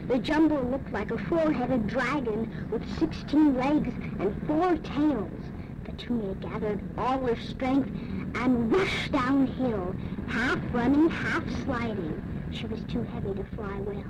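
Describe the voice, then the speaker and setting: A woman reads a children's picture book aloud in a gentle storytelling manner, giving the animals their own voices. Her voice sits fairly high. The recording is dull and lo-fi, with a faint hiss underneath.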